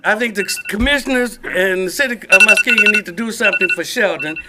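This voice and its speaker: A man's voice: high-pitched, fast, heavy background noise. A man giving an emphatic, plainspoken public comment at a city commission meeting.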